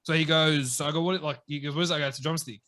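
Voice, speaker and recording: A young Australian man hosts a casual chat with a bright, forceful voice pitched a little high. He rambles through his stories and laughs often. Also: steady tone, very fast. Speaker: podcast host.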